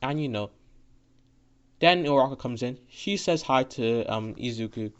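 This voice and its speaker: A man's voice: mid-range voice, animated, moderate pace, clean tone. A man narrates a fan story off the cuff, rambling and swearing freely, with constant fillers and false starts. His voice sits in an ordinary mid range. The recording is dull and lo-fi. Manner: rambling, profane, full of fillers and restarts. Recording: dull lo-fi audio.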